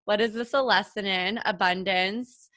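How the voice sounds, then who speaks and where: Bright-voiced woman podcast host. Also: mid-range voice, fairly even intonation, normal speed, no room sound. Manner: eager, affirming, storytelling. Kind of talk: casual conversational interview.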